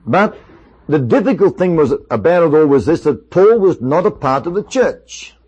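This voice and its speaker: A man's voice: a little high, lively intonation, moderate pace, a little mellow, breathy edge, muffled recording. A male preacher giving a sermon, asking his listeners one rhetorical question after another. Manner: many rhetorical questions to the audience.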